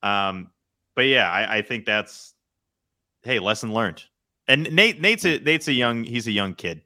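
A man's voice: mid-range voice, lively intonation, unhurried, bright, forceful tone, no echo, clean studio sound. A man co-hosting a podcast in casual chat, rambling and interrupting himself, laughing often. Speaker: podcast co-host.

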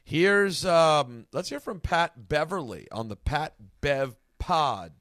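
A man hosting a casual podcast chat, talking in an excitable, rambling way. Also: fairly high pitch, slow pace, dry recording, clean studio sound. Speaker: podcast host.

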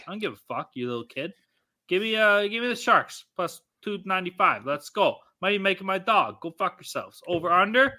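A man's voice: high-pitched, sing-song, brisk, sharp tone. A tipsy man hosting a casual sports podcast, talking in a crude, profane way and often laughing. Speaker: podcast host. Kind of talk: casual chat.

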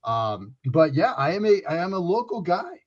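A man's voice: sits high, sing-song, normal speed. A man in his forties from Waltham with a Boston accent, a guest chatting casually on a podcast and telling stories with frequent restarts. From Waltham, Massachusetts. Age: 40s. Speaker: guest analyst. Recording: lo-fi remote audio.

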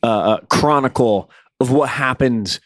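A man's voice: medium pitch, measured pace, a bit bright, no room sound. A man co-hosting a casual podcast about movies, talking with wry, dry humor. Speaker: podcast co-host.

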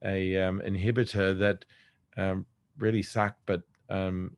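Low, hesitant male interviewer. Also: little pitch movement, clean tone, no echo, clean studio sound. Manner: hesitant, halting phrasing. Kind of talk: casual conversation.

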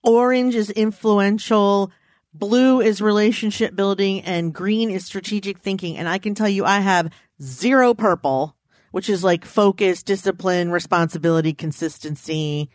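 A woman co-hosting a casual chat, playful and animated, her pitch jumping up when she gets excited. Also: normal speed, no echo, clean studio sound.

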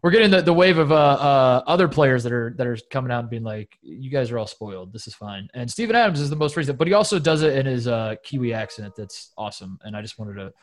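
A man rattles through casual sports talk at a quick clip, his voice sitting in an ordinary middle range. He jokes and teases his co-host, piling up restarts and asides as he goes. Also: mid-range voice, lively intonation. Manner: joking, sarcastic, rambling with restarts. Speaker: podcast co-host.

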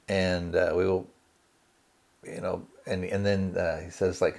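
A man with a fairly low voice recaps a movie for his podcast in a loose, relaxed way. He strings the scenes together with fillers and slips the characters' lines into his own everyday voice. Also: measured pace. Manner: relaxed, hedging with fillers like kinda and you know. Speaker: podcast host reviewing a film. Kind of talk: casual spoken movie recap.

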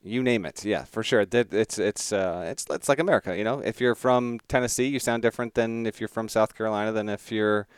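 Playful male co-host, smooth clear voice, dry close-mic sound. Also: on the low side, fairly quick, few pauses, no echo. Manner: playful, teasing, laughs easily. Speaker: podcast co-host. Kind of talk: casual sports podcast chat.

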